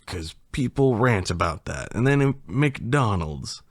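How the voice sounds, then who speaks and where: A man's voice: fairly low pitch, very animated, measured pace, no room sound, studio quality. A man chatting casually and reading a poem aloud, rambling, swearing and laughing often. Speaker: channel host.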